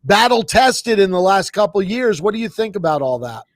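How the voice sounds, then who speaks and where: A man co-hosting a sports talk show, putting questions to a guest in a relaxed way. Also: sits high, normal speed, no echo, studio quality. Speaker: co-host. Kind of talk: interview questions.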